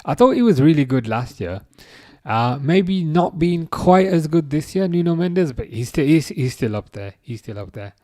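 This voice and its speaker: A man in his thirties hosting a live football watchalong, chatting casually and reading out comments, with a halting, restarting way of talking. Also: a little high, very animated, darkish tone, dry recording, studio quality. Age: 30s. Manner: halting, many restarts, chuckles often.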